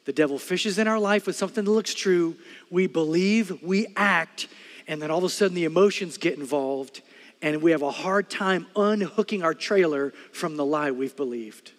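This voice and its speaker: A middle-aged man preaching a sermon as pastor, telling stories with loud bursts and quiet earnest stretches. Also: fairly high pitch, moderate pace, in a large hall.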